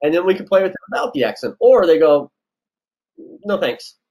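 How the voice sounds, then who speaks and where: A man's voice: high-pitched, very animated, fast, dark tone, lo-fi sound. A man giving casual audition advice as a casting director, loose and chatty with lots of fillers. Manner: loose, chatty, lots of likes and you-knows.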